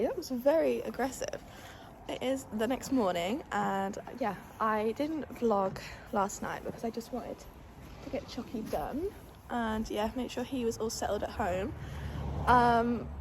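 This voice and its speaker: A woman's voice: a little high, expressive, normal speed, background noise. Young woman vlogging at a stable. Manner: chatty, fond baby-talk to her horse. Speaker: equestrian vlogger. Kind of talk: casual vlog chat.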